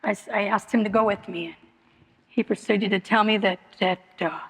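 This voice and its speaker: At a recovery meeting in a meeting hall, a middle-aged woman shares her personal testimony at normal speed, earnestly, repetitively and with emotional openness. Her mid-range voice is steady in tone, a bit bright and husky. Long hall reverb fills the recording.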